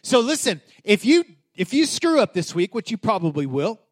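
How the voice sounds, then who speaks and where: Pastor guy in his 30s preaching, high voice, casual and emphatic, keeps restarting sentences. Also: very animated, normal speed. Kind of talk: sermon.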